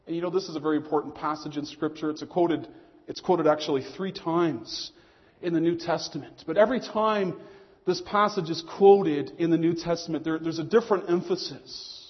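Male pastor, earnest sermon delivery, muffled recording with hall reverb. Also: a little high. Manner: earnest preaching, slowing on key phrases. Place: church hall. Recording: muffled long hall echo.

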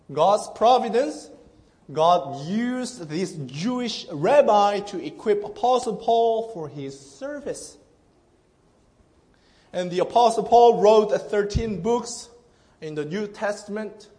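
A man's voice: high voice, animated, slow pace, darkish tone. A male pastor preaching an earnest, emphatic sermon to a congregation, often restarting his phrases.

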